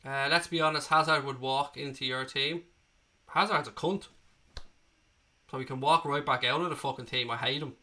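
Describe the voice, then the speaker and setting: Though he has a cold, the Irish livestream host keeps answering his chat casually, swearing freely and calling people mate. His mid-range voice comes out pushed and bright at normal speed.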